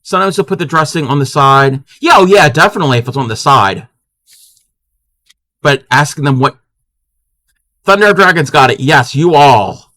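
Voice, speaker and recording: A playful man hosting a live crafting stream, chatting loosely with his viewers and laughing as he goes. His voice sits a little high and swings widely in pitch, with a bright, forward edge. The sound is close and dry. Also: lively intonation, moderate pace, pauses often, no echo. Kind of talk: casual live-stream chat, reading viewer comments.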